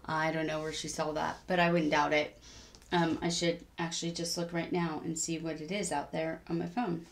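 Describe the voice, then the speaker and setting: Low gravelly woman vlogging casually. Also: little pitch movement, normal speed. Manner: rambling, chatty, many ums. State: a bit tired. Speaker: cross-stitch vlogger. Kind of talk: casual diary vlog.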